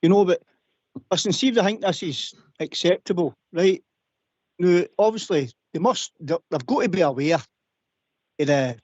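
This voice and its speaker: A man's voice: fairly high pitch, darkish tone, no room sound. A man calling a radio phone-in, earnestly arguing and often saying listen. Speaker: caller. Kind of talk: phone-in opinion. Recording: dry muffled phone line.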